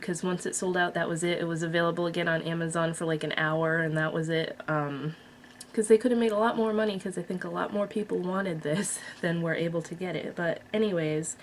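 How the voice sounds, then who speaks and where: A woman with a fairly low-pitched voice casually reviews a makeup palette as a beauty vlogger. She's chatty and blunt, leaning on frequent fillers, with slight noise in the background.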